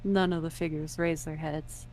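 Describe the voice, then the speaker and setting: A woman narrating a story in the second person, measured and descriptive. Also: low-pitched, fairly even intonation, a little mellow, slight background noise, rough recording.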